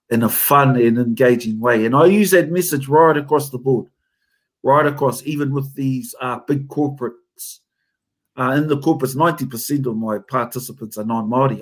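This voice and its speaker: A man with a New Zealand accent, a haka teacher and company founder, telling stories in an animated, emphatic way during a casual interview. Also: mid-range voice.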